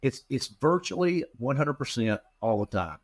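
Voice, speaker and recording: A man's voice: mid-range voice, moderate pace. A middle-aged man, a practice management consultant, telling stories in an interview and acting out the dialogue he quotes. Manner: animated, acts out quoted dialogue. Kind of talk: storytelling in an interview.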